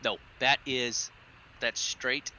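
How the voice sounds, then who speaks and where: A man explains the details of equipment patiently. His voice is very bright and sharp, with a mid pitch. A faint hiss runs under it. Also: steady tone, slow pace, poor audio. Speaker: guest on a stream. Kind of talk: casual chat.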